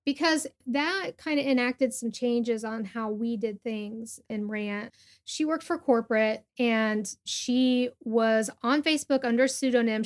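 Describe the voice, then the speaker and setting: A woman's voice: fairly high pitch, measured pace. A woman co-hosting a casual podcast chat, reacting emphatically and telling stories. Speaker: podcast co-host.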